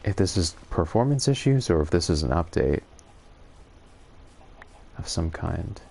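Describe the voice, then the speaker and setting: Male gaming streamer, very low voice, self-amused musing commentary. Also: very animated, measured pace, vocal fry, a little mellow, husky. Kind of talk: casual gameplay commentary.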